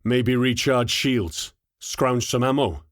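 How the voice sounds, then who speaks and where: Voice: mid-range voice, slow, natural voice. A man voicing a tired squad soldier in an audiobook, bantering half-heartedly. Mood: weary.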